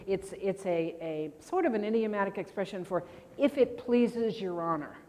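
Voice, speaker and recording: A woman from Indiana teaching grammar at a convention, firing quick questions at her audience and answering them herself. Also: medium pitch, expressive, mellow. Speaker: grammar instructor at a court reporters' convention. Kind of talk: interactive classroom lecture. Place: convention meeting room. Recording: long reverb in a large hall.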